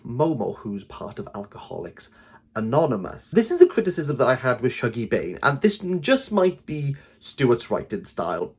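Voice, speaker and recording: A man with a Welsh accent giving an opinionated book review in a vlog, talking in animated, exasperated bursts. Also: medium pitch, breathy edge. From Wales.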